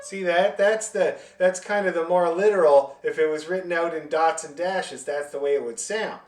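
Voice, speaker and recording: Fiddle teacher guy on a video call, a bit high voice, friendly and jokey, sings the rhythms, echoey room. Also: moderate pace, loud music behind the voice. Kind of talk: online music lesson, explaining and demonstrating.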